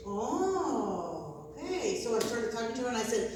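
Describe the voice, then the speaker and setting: A woman minister telling a humorous faith testimony, animated and often laughing as she acts out dialogue. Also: medium pitch, normal speed. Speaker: Christian minister. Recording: echoey hall, distant mic, noisy.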